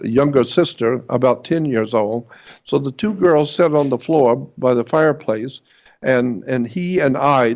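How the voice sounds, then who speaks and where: A man in an interview telling a personal story in a halting way, repeating words and slowing down for emphasis, on a dull lo-fi recording. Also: mid-range voice, creaky, darkish tone. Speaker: guest.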